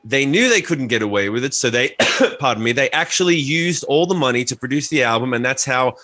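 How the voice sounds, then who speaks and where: A man's voice: medium pitch, animated, a little fast, bright, forceful tone. A man co-hosting a podcast, telling loose, profane stories in casual chat. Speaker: podcast co-host.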